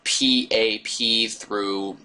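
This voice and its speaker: A young man telling a story casually to his viewers, rambling and digressing with an animated delivery. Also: on the low side, extremely slow, a little hiss or hum. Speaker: vlogger.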